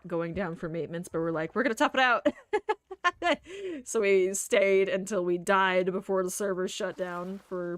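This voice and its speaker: A woman streamer chatting through live gameplay, laughing often, swearing freely and muttering to herself. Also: on the low side. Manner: frequent laughter.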